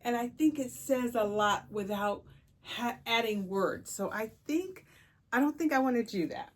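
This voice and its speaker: A woman's voice: a little high, a little slow. Chatty woman quilter thinking aloud. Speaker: quilting vlogger. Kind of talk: casual talk while working.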